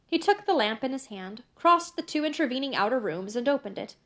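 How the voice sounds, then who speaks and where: A woman narrating a classic novel in a measured, expressive reading. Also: high voice. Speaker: audiobook narrator.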